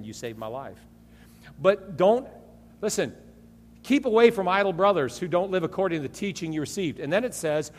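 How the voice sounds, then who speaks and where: Animated preacher with lively pitch. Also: male voice, in a large hall. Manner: animated storytelling, acting out voices. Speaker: pastor. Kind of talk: sermon.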